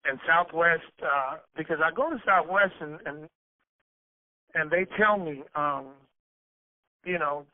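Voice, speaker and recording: A man with a fairly high voice tells stories in a loose, profane way, tripping over his words and restarting his sentences. The sound is dry and tinny, like a phone line. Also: measured pace, long pauses, dry recording. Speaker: rapper being interviewed. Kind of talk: casual storytelling interview.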